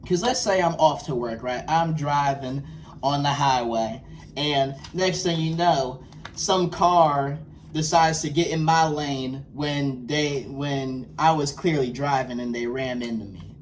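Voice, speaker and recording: A man's voice: medium pitch, slow. Preachy man lecturing from a distant mic. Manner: preachy, scolding and emphatic. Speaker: self-styled life coach. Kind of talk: motivational lecture to camera. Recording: distant mic with faint background noise.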